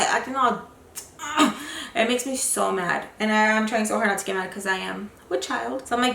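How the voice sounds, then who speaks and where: A young woman vlogs casually, telling a long personal story in a frustrated, rambling way packed with fillers. Her voice is medium-pitched, gravelly and a bit bright, at a moderate pace. The room is echoey with faint noise.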